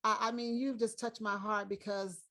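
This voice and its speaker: A woman guest on a video call interview, speaking in an earnest, encouraging way and slowing down to stress her points. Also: medium pitch, little pitch movement, a bit bright. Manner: encouraging, earnest, slows down for emphasis. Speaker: guest content creator.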